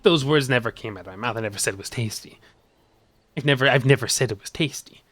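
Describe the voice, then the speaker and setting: A man's voice: medium pitch, quick pace, fairly bright tone. A man streaming a video game, playfully rambling and bantering with his chat and laughing often.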